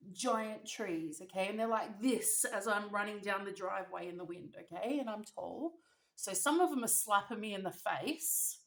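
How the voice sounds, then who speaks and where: A woman's voice: mid-range voice, darkish tone. A young woman with an Australian accent telling a dramatic, slangy story between bites, as a vlogger. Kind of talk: storytime while eating. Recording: echoey room.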